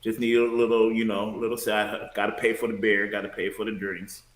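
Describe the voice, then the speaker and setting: A man from Detroit, a former bouncer, chatting as a podcast guest in a relaxed, storytelling way. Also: lowish voice, brisk. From Detroit, USA. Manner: relaxed, storytelling, laughs easily. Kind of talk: casual chat. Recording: echoey room.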